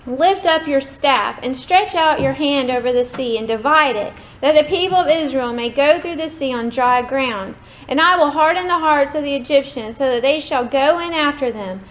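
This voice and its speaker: A woman reading scripture aloud in a steady, measured way. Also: sits high, a little hiss or hum, poor audio. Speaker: scripture reader.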